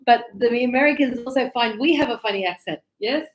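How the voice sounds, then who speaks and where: A woman's voice: fairly high pitch, a little fast, a little hiss or hum. An Australian woman teaching English, chatty, acting out short example dialogues to explain everyday phrases. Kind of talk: online English lesson.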